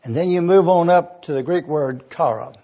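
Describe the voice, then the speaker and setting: A man's voice: a little high, normal speed, dark tone, highs cut off. A man preaching a sermon, eagerly teaching word meanings and spelling terms out letter by letter. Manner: enthusiastic teaching.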